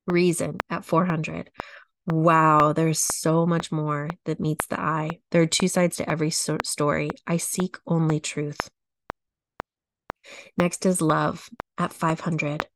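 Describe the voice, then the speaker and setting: A middle-aged woman teaching a coaching lesson, walking through a chart at a slow, measured pace and repeating her phrases. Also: sits low, little pitch movement, gravelly, background noise. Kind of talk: teaching talk, reading a chart aloud.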